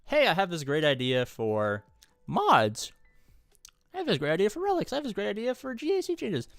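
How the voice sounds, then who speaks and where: Man putting on a squeaky penguin office guy, falsetto, eager, gushing, very high and strained. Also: huge pitch swings, a little fast, no room sound, clean studio sound, full character voice. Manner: eager, gushing, repeating himself. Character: squeaky excited cartoon penguin office worker, male.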